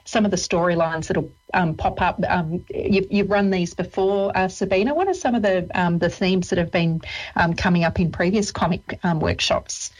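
A woman hosting a radio interview, encouraging her guest and pausing with many ums. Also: lowish voice, low-quality recording. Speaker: radio host.

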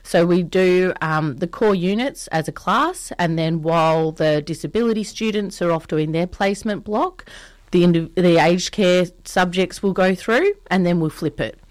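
A woman's voice: lowish voice, moderate pace, no room sound. A woman answering interview questions in casual chat, explaining courses in a friendly way with lots of ums. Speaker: training provider guest.

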